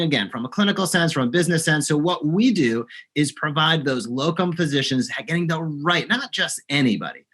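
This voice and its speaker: Brief: man, slightly high and bright voice, earnest emphatic interview guest. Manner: earnest, emphatic business talk. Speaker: guest, locum service provider. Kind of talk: podcast interview.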